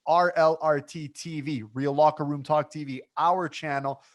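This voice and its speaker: Animated man co-hosting a podcast. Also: a little high. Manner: animated, joking, quick back-and-forth. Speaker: podcast co-host. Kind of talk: casual podcast banter.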